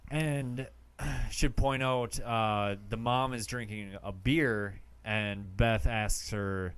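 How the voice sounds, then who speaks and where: Slow-talking man with a smooth dry voice. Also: lowish voice, fairly even intonation, fairly bright tone. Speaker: podcast co-host. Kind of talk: casual movie-review chat.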